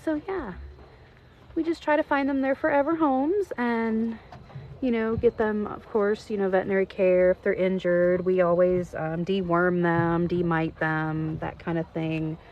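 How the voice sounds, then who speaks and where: A woman's voice: on the low side, steady tone, unhurried, slight background noise. A woman in her thirties who runs an animal rescue, chatting casually outdoors in the rain with many fillers and cooing at her birds. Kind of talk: casual vlog chat. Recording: dull lo-fi outdoor sound, faint rain and clucking.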